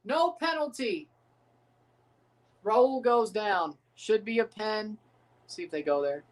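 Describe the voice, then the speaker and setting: A young man hosting a live football watchalong, calling goals with excitement and dropping into low mumbled asides between plays. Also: slow pace. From United States. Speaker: livestream watchalong host. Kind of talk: live football reaction commentary.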